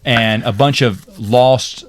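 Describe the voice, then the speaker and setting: A man co-hosting a podcast, retelling TV episodes in a rambling, animated way with laughs. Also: mid-range voice, slow pace. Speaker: podcast co-host. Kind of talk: casual chat recapping a TV series.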